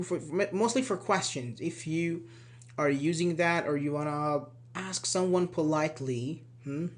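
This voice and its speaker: A man teaching grammar online, explaining tag questions and repeating example sentences to show the intonation. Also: on the high side. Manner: explanatory, repeats examples with rising and falling tones. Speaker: English teacher.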